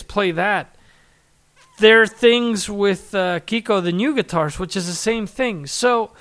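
Man, podcast host, slightly high voice, rambling casual talk, lots of fillers. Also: a bit bright. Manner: rambling, conversational, with many fillers and restarts. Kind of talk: solo podcast commentary.

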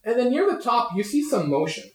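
A young man running a tabletop game as game master, narrating in a halting way full of fillers and laughing often. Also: very high voice, sing-song. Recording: echoey room.

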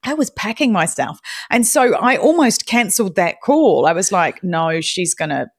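Lively woman telling stories. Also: a little high, slightly rough. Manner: lively storyteller, quick laughs, acts out her own past reactions. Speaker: podcast co-host and guest. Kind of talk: casual podcast chat.

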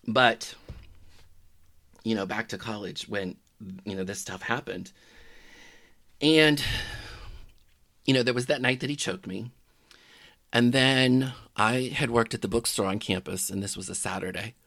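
A middle-aged man telling a personal story in a halting, reflective way that often trails off quietly. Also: lowish voice, fairly even intonation, no room sound. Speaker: podcaster telling his own story.

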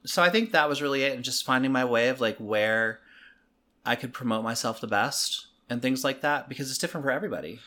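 A man's voice: mid-range voice, quick pace. A man with a Southern US accent, telling stories in a casual, profane podcast chat as the guest. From American South. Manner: profane, animated storytelling. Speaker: interview guest.

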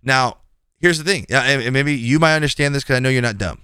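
A man's voice: mid-range voice, fast talker, bright, forceful tone, clear, resonant tone, dry recording, studio quality. A male podcast host in casual chat, telling a story bluntly and animatedly, acting out the quoted lines and swearing now and then.

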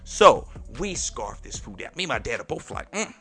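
A man hosting a podcast and telling a personal story in a lively, slangy way, talking straight to his listeners. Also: mid-range voice, moderate pace, faint music behind. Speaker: podcast host.

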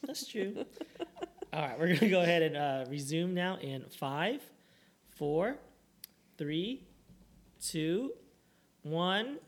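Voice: mid-range voice, lively intonation, slow pace, pauses often. A podcast co-host chatting casually during a watch-along, joking and rambling with lots of fillers.

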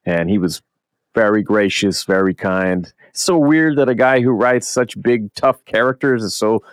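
A young man co-hosting a podcast, telling a story in casual chat, animated and swearing a lot as he acts out what people said. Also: on the low side, a little slow, smooth, no room sound. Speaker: podcast co-host.

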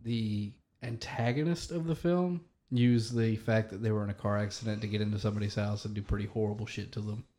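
A man's voice: on the low side, steady tone, brisk, few pauses, warm tone. A man guesting on a podcast, joking crudely in casual chat.

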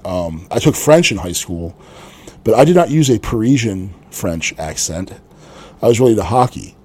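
A man's voice: on the low side, animated, moderate pace, a little mellow, slightly rough. A man co-hosting a casual podcast chat, telling anecdotes and laughing often as he talks. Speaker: podcast co-host.

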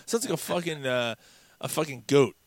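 A man's voice: a little high, lively intonation, normal speed, dry recording. Casting: male podcast co-host, foul-mouthed and rambling, dry close sound. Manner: profane, rambling, digressive. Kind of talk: casual chat.

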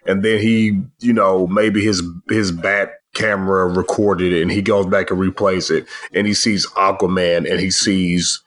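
A man with a very low, deep voice joins a casual podcast chat about a movie. He talks eagerly and swears casually. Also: flat delivery, measured pace, hardly any pauses, a bit bright. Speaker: podcast co-host.

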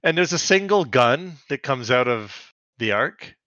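A man's voice: medium pitch, animated, a little slow, sharp tone, dry recording, dull audio. A man co-hosting a podcast, recapping a cartoon in chatty casual talk full of fillers. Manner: chatty, filler-heavy, laughs often. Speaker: podcast co-host.

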